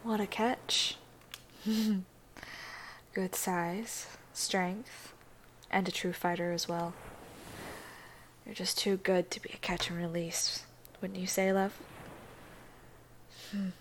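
A woman voicing a seductive, teasing female angler mermaid in a breathy, sultry whispered role-play. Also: fairly low pitch, flat delivery, slow pace, pauses often, slight background noise.

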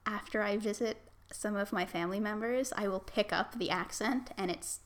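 A young Canadian woman with a Canadian accent, chatting in a casual vlog in a relaxed, self-deprecating way. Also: mid-range voice, normal speed. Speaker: vlogger. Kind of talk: casual accent-challenge vlog with a book reading.

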